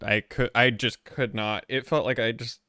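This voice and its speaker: A man's voice: medium pitch, steady tone, normal speed, pushed and bright, smooth, dry recording, studio quality. A man streaming from his apartment desk, chatting in a rambling, jittery way with lots of swearing and self-mockery. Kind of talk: casual chat before a game stream.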